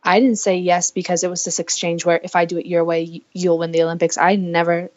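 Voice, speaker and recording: A woman's voice: on the low side, little pitch movement, fast talker, darkish tone, muffled recording. A woman in her twenties from the United States, telling her own story earnestly as a podcast guest and voicing her past thoughts aloud. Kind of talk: candid personal storytelling.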